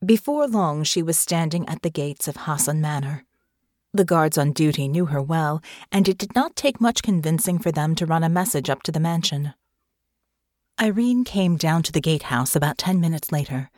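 A woman narrating an audiobook in a steady, measured reading. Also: deep voice, no echo, studio quality. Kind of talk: scripted narration.

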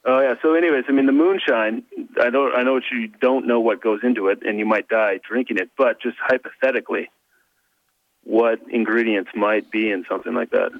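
A man calling in to a casual chat show, talking in a halting way with many fillers and restarts, over a dull lo-fi line. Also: mid-range voice, steady tone, no echo. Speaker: caller.

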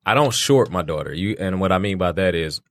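A man's voice: low-pitched, animated, a little fast, a little hiss or hum. A middle-aged man in a casual chat, talking bluntly and with emphasis, swearing freely while he tells a story.

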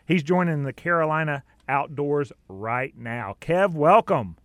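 A man hosts an outdoors radio talk show in a chatty, easygoing way, laughing often between points. His voice sits a little high. The studio sound is close and dry. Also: animated, measured pace, no room sound. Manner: chatty, laughs easily, some fillers.

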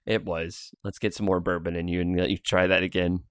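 A man with a low, deep voice chats loosely as a podcast co-host, laughing often between rambling asides. The mic sits close and the sound is dry, with no room around it. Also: level tone, fairly quick, clean tone, dry recording. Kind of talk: casual podcast chat. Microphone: pop filter mic.

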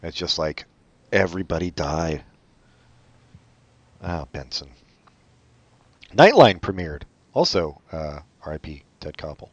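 Podcast co-host: low-voiced man, deadpan and wry, close dry mic with a muffled tone. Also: slow, long pauses, dry recording. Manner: deadpan, sardonic asides. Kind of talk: casual chat.

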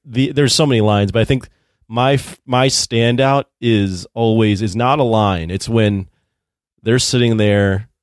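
A man's voice: lowish voice, measured pace, no echo, clean studio sound. A man co-hosting a casual film review chat, retelling scenes with lots of laughter. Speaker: podcast co-host.

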